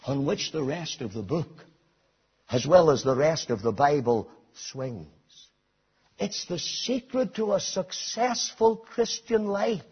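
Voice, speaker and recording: Husky high-voiced preacher, lo-fi sermon. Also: male voice, very animated, unhurried. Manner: swings between soft intimate appeals and loud shouted climaxes.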